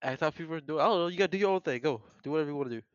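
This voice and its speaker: A man's voice: on the high side, very fast, smooth, dry recording. A young man co-hosting a podcast, telling rambling stories with lots of laughs and restarts. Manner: rambling, laughing, animated storyteller. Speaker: podcast co-host. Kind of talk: casual podcast banter. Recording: muffled lo-fi recording.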